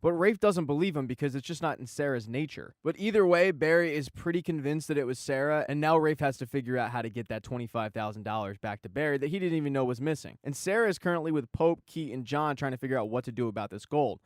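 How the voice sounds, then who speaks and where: A man's voice: mid-range voice, fast talker, few pauses, dry recording, studio quality. A man narrating a casual TV recap with irreverent, joking asides. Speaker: TV recap host.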